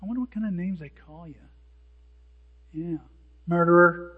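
Male pastor, high husky voice, animated sermon, dull recording with long church reverb. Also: moderate pace. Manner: animated, acts out hecklers' lines. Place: church sanctuary.

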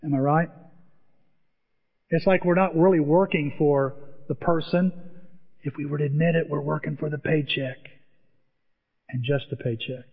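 A man preaching a sermon, telling stories in a lively way and acting out the voices of the people he quotes. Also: a little high, normal speed, pauses often, breathy edge. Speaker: pastor. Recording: dull sound with long hall reverb.

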